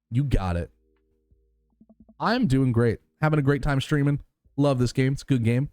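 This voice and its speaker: A man's voice: medium pitch, normal speed, pauses often, a little mellow, clear, resonant tone, no echo, soft background music. A man streaming a game live, reading its dialogue aloud in a playful, chatty way, sometimes tripping over words and correcting himself.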